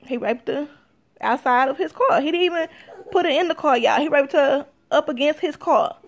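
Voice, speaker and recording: High-voiced woman telling a story. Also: normal speed. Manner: chatty, addresses viewers directly. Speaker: vlogger. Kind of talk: casual storytelling to camera.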